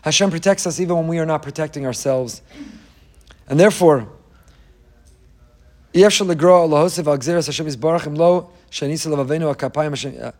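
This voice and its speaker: Impassioned man preaching, slightly high voice. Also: fast, pauses often. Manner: impassioned, rhetorical questions, mixes Hebrew quotations. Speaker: rabbi giving a Torah class. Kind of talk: sermon.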